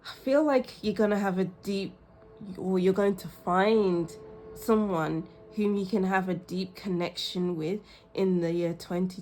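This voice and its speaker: A woman's voice: mid-range voice, dark tone. A woman reading tarot cards to camera for her channel. She laughs often and exclaims as she talks, and she says she is a little tired and ill. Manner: giggly, exclamatory, frequent bursts of laughter. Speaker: tarot reader.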